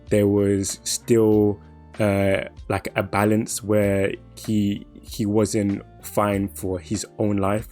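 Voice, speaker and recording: A man with a low, flat voice talks in a measured, reflective way, often pausing on fillers. He leads the podcast chat, and faint music plays underneath. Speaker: podcast co-host. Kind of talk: casual anime discussion.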